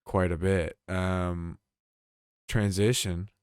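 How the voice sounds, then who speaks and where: A man's voice: deep voice, flat delivery, slow pace, darkish tone, clean tone, no echo, clean studio sound. A young man co-hosting a podcast, telling a rambling, exasperated story in casual chat with frequent swearing. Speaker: podcast co-host.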